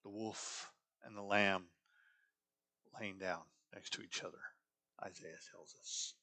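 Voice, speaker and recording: A man's voice: on the low side, fairly even intonation, slow, pushed and bright. A middle-aged man preaching a sermon as a pastor, talking conversationally and asking the congregation rhetorical questions.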